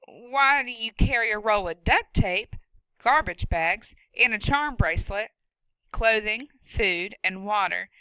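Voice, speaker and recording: A gruff, menacing farm woman with one wooden leg, loud and slow with a bright, forceful edge, as a woman reading an audiobook puts her on. The sound is close and dry. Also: medium pitch, animated, dry recording, rough recording. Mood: mocking. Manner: loud, drawn-out, challenging.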